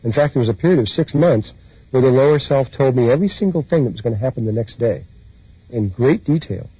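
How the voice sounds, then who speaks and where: A man speaking as a spiritual teacher, telling his personal experiences in an unhurried, meandering way with soft laughs. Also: medium pitch, lively intonation, breathy edge, dry recording. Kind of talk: reflective personal storytelling talk. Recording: dull lo-fi recording.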